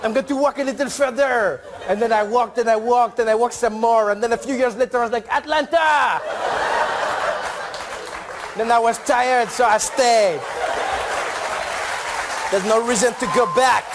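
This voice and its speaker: Casting: man voicing a breezy French wanderer, light high voice, audible background noise. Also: very fast, hardly any pauses, over a noisy crowd. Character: carefree French man wandering far from home.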